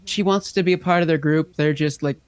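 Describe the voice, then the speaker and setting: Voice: medium pitch, steady tone, brisk, smooth, no room sound. An author explaining their own story on a live stream, casual and amused.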